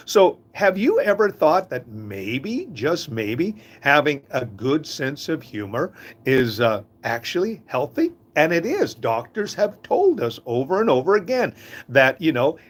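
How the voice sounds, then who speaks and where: Animated older man, folksy and chuckling. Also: mid-range voice. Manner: folksy, chuckles at his own stories. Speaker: host of a live talk. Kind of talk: casual inspirational talk.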